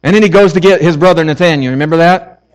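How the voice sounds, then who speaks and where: Male pastor, high voice, fervent and chatty from the pulpit. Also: fast talker, poor audio. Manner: passionate, conversational preaching with casual asides. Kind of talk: sermon.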